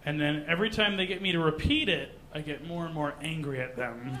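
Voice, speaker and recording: A man from Canada doing a stand-up comedy set in a comedy club, mostly deadpan, with sudden loud put-on voices. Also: a little high, fast talker, hardly any pauses, background noise.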